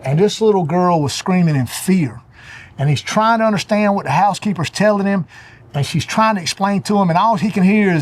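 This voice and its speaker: Middle-aged man, preacherly storyteller, high voice. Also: a little fast. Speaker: show regular giving a motivational talk. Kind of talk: parable-style motivational talk.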